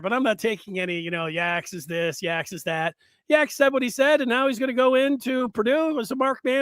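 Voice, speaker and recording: A man hosting a solo sports talk show, rambling and animated with many fillers and restarts. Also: extremely high pitch, dry recording, clean studio sound.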